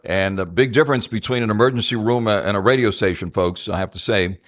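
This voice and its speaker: Low-voiced man moderating a student panel. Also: fairly bright tone, no echo. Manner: measured speaker with many fillers. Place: auditorium event.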